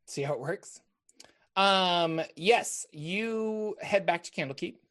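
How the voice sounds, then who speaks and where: A man's voice: high voice, takes it slowly, a bit bright. A man running a tabletop game as dungeon master, explaining rules at an easy pace with many ums and uhs.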